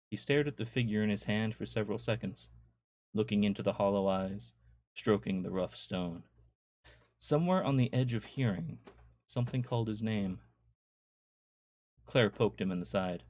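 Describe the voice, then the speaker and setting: Low-voiced man reading a horror story. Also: a little mellow, no room sound, studio quality. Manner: measured, storytelling. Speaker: author reading his own stories.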